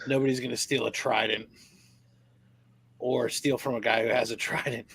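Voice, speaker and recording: A man's voice: mid-range voice, flat delivery, normal speed, creaky, a bit bright, breathy edge. A man telling laid-back stories in a casual chat with friends. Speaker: panelist.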